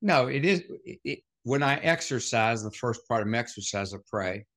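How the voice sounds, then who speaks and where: A man's voice: mid-range voice, lively intonation, normal speed, fairly bright tone. A man speaking as a motivational speaker, telling stories as a podcast guest and firing off short rhetorical questions. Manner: punchy rhetorical questions, anecdotal.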